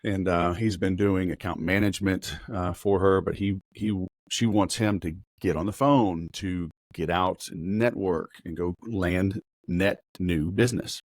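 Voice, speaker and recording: Middle-aged male sales coach, deep voice, quick chatty delivery, dry close mic. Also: steady tone, no room sound. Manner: rapid, conversational, full of fillers and analogies. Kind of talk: casual motivational talk.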